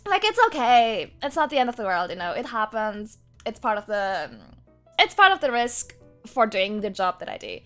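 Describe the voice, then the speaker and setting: Animated, laugh-prone woman streamer. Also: high voice, normal speed, clean tone, soft background music. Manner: animated, laughs often, rambling restarts. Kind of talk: casual chat with stream viewers.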